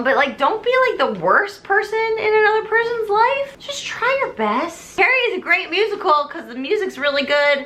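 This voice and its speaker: A young woman, a little tipsy, retelling a musical as comedy, animated and full of "like" fillers, dropping into quick character voices. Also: high-pitched.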